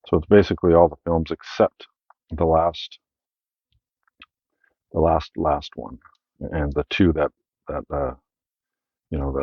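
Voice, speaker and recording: A man's voice: very deep voice, breathy edge, no echo, lo-fi sound. A Canadian man hosting his own channel, casually rambling through his film collection with many fillers and self-corrections.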